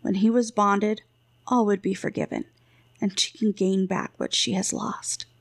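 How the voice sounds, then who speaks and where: Gravelly woman narrating a fantasy story. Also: medium pitch, steady tone, measured pace, no echo, clean studio sound. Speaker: audiobook narrator.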